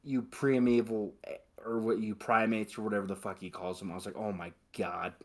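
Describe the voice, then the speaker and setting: A young man on a podcast, chatting excitedly about a movie, swearing a lot and acting out lines from it. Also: lowish voice, a little fast. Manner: excited, profane, quotes movie lines in put-on voices. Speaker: podcast host. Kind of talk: casual movie chat.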